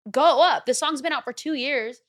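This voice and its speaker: Brief young woman, singer guest, slangy animated storyteller, dry close mic. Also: high-pitched, moderate pace, no room sound. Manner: animated, slangy, acts out her own past reactions. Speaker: recording artist guest. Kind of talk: casual interview storytelling.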